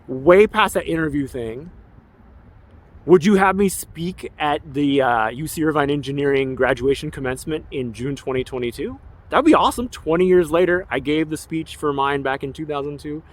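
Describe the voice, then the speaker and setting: A man's voice: a little high, expressive, normal speed. A man in his forties, an activist, delivering an emotional, rambling personal documentary monologue with an aggrieved tone. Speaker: activist and filmmaker.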